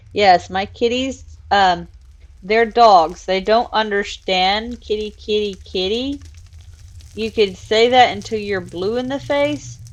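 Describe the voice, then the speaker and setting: A woman hosting a casual live stream, chatting and laughing while she builds in a virtual world and coos at her cats. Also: mid-range voice. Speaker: streamer and show host.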